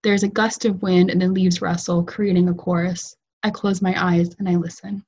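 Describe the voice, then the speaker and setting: Woman writer, literary reading, measured storytelling, husky low voice, muffled video-call sound. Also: little pitch movement, darkish tone. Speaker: fiction writer reading her work.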